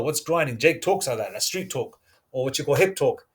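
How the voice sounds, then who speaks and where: A man's voice: medium pitch, expressive, normal speed, husky. A man giving an informal Bible teaching, rambling in street slang and swearing freely. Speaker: preacher.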